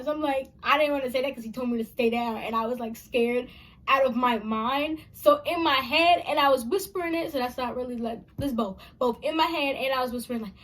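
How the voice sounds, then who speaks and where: A young woman telling a story from her childhood, dramatic and animated, acting out her own scared voice. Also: high-pitched, a little fast. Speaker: storytime vlogger.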